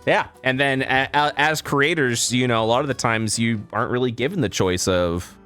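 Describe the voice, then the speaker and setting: A man's voice: mid-range voice, normal speed, pushed and bright, clean tone, faint music behind. A man co-hosting a casual podcast, ranting and swearing a lot and repeating himself. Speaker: podcast co-host.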